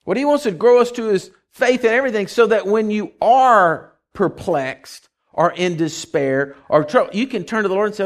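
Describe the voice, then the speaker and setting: A man preaching a conversational sermon, folksy and animated, telling stories and acting out voices. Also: high voice, moderate pace, hardly any pauses. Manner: animated storytelling, acts out voices.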